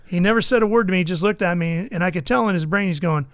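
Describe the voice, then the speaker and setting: A man's voice: high-pitched, fast, dry recording, clean studio sound. A middle-aged man, a motorsports broadcaster, telling stories in a casual chat and acting out the people he quotes. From California. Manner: animated storyteller, acts out quotes.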